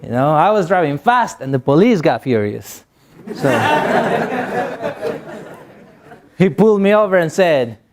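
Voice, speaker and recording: High-voiced man with a Guatemalan accent. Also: sing-song, slow, long pauses. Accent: Guatemalan Spanish. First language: Spanish. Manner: joking storyteller, acts out voices. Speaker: motivational speaker. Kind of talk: motivational speech to youth.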